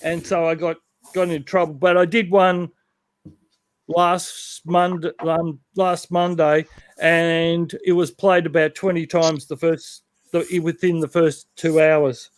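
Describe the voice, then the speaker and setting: A man's voice: fairly high pitch, level tone, slow, no room sound. A man with an Australian accent chatting casually about models and radio promos, rambling with plenty of ums. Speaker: guest on model railroad livestream. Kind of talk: casual chat.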